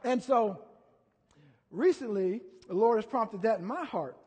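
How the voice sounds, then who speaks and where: Husky high-voiced pastor in a reverberant hall. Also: male voice, lively intonation, a little slow, darkish tone. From Ohio, USA. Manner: folksy storytelling, full of asides and fillers. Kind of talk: conversational sermon. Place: church sanctuary. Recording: long reverb from a large hall.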